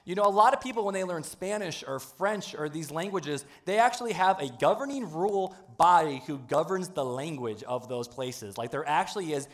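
A man preaching a humorous sermon in a church, joking with the congregation in a playful, animated way. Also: fairly high pitch, fairly quick, hardly any pauses. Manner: playful, jokey, animated delivery. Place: church sanctuary.

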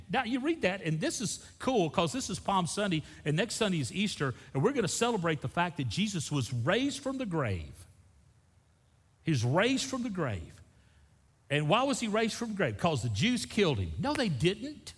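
Husky middle-aged guy preaching, punchy then soft, big echoey church. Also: a little high, wildly swooping pitch, moderate pace. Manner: emphatic, swinging from loud bursts to soft asides. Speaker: pastor. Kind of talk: sermon. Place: church sanctuary. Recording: long church hall reverb.

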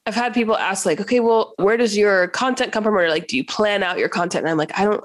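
A young woman coaching creatives on a podcast talks in a loose, chatty way. She laughs easily and slips into playful voices for her own thoughts. Her pitch sits in the middle range. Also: quick pace. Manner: animated, laughs often, acts out inner voices. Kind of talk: casual conversation.

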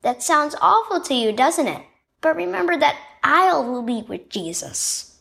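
A woman voicing a gentle, weak old grandfather in a children's story, speaking softly and calmly. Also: sits high, unhurried, gravelly, heavily acted. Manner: soft, gentle, calm.

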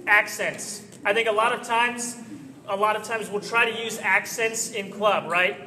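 A man's voice: high-pitched, steady tone, a little slow, pushed and bright. Earnest coaching man in echoey hall. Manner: earnest, coaching, frequent "right?" asides. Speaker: presenter giving training tips. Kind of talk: instructional talk. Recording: echoey hall with slight noise.

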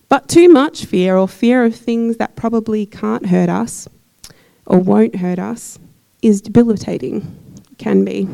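Woman preaching with a gravelly voice. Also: medium pitch, mellow. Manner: conversational, asks the congregation questions. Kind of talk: sermon.

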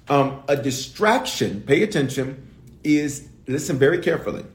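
A man's voice: mid-range voice, sing-song, moderate pace, echoey room. A man preaching a sermon as pastor, emphatic, repeating key lines and calling out to his audience. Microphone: streamed online service.

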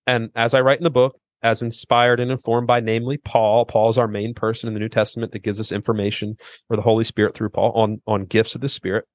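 Low-voiced man explaining theology. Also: level tone, quick pace, dry recording. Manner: earnest, explanatory, frequent restarts. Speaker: seminary president and author, guest. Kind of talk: theological interview conversation.

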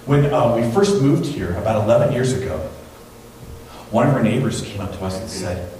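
A man preaching a sermon in a church, talking in a conversational, animated way and acting out the people in his stories. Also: mid-range voice, normal speed, far from the mic, background noise. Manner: conversational, animated storytelling with quoted voices. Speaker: pastor. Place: church sanctuary. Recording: very echoey hall, voice from off-mic.

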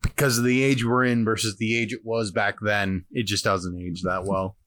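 A man co-hosting a podcast in relaxed casual chat, explaining things. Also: fairly low pitch, moderate pace, no room sound, studio quality. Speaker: podcast co-host.

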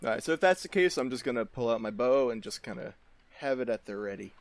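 A man's voice: medium pitch, expressive, fast talker, no echo. A man playing a tabletop game in casual chat, hedging and hesitant as he describes his moves. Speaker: player.

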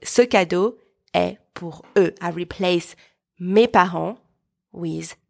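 A French woman with a French accent, hosting a podcast lesson and slowly repeating words for learners to say back. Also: fairly low pitch, creaky, a little mellow. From France. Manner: slow, patient, repeats words for learners to echo. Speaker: French teacher, podcast host.

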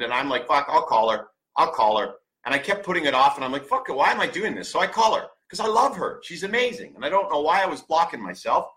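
Male host, 40s, slightly high and sharp-toned, blunt, profane, preachy motivational talker. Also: low-quality recording. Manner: emphatic, blunt, swears often; preachy, repeats commands for stress. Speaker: podcast host. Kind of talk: motivational monologue.

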